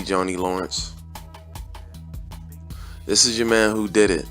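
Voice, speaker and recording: Deep-voiced guy running his channel, blunt preachy rant, lots of slang, faint music behind. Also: a little slow, pauses often, fairly bright tone. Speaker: channel host. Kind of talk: casual opinion rant.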